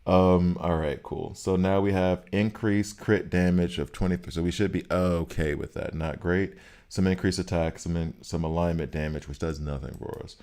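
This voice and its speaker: A man's voice: low-pitched, fairly even intonation, moderate pace, darkish tone, smooth. A man casually chatting with his viewers as he plays a game on stream, thinking aloud about stats and choices. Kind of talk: casual live-stream commentary while playing.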